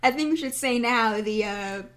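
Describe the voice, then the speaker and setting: A woman co-hosting a podcast, chatting casually and giggling often. Her voice sits a little high. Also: a bit bright. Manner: giggly, chatty, quick asides. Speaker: podcast co-host. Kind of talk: casual chat.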